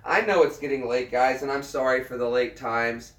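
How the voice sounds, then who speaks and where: A man in his thirties, a military veteran, chatting casually on a livestream, earnest and halting, often repeating himself as he restarts a thought. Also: medium pitch. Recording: roomy sound, mic at a distance.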